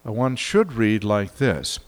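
A man's voice: fairly low pitch, big pitch swings, takes it slowly, big-room sound, soft background music. A preacher, an older man, giving a sermon in a folksy, chuckling way with many fillers. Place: church.

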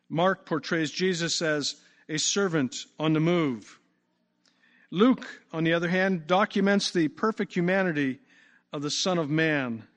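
Emphatic male preacher, slightly raised pitch, stretches words for weight, reverberant hall. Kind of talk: sermon. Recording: long reverb.

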